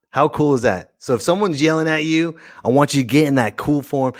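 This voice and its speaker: An excitable man hosting a casual live-stream podcast, playful and full of jokey asides. His voice swings up and down a lot, and the sound is dry and close. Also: mid-range voice, fairly quick, few pauses, dry recording. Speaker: podcast host.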